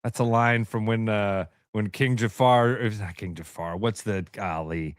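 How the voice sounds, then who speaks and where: A man's voice: on the low side, a little slow, clean tone, no room sound, studio quality. A man co-hosting a sports radio show, bantering casually, laughing at his own jokes and repeating words. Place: radio studio.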